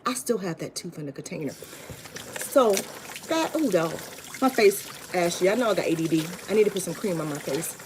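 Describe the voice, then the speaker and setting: A tired Florida vlogger tells her viewers a rambling, lively storytime, calling them y'all and restarting often. Her voice is lowish and a little fast, with background noise in the recording.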